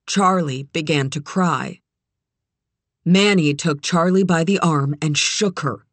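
An audiobook narrator reading a tense thriller passage in a measured, even storytelling voice. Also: medium pitch, no echo. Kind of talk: scripted narration.

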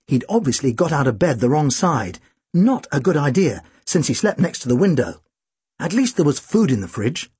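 A man narrates an audiobook in a wry, deadpan first person. His voice is somewhat high and husky, with a lively, expressive melody. The recording is close and dry, with no room echo.

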